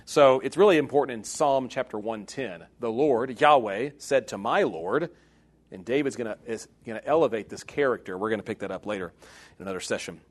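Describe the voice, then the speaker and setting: A man teaching a Bible class in sermon style, animated and jokey, swinging between loud emphatic bursts and hushed asides. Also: mid-range voice, brisk.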